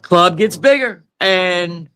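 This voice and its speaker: A man's voice: high voice, animated, slow pace, pushed and bright, clear, resonant tone. A man hosting a live stream discussion, impassioned, grieving and swearing freely.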